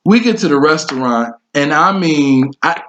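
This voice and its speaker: A man co-hosting a podcast with his wife, telling funny stories about her in an animated, laughing way. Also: fairly high pitch, normal speed, lo-fi sound. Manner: animated storytelling, laughing a lot. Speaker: podcast co-host. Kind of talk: joking married-couple chat.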